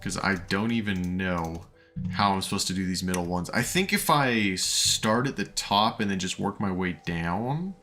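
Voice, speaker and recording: A low-voiced American man streams a game at a moderate pace, rambling as he builds and reading chat aloud over soft background music. His tone is sharp, though his voice sounds tired and sore after hours of talking. It's casual live-stream chatter.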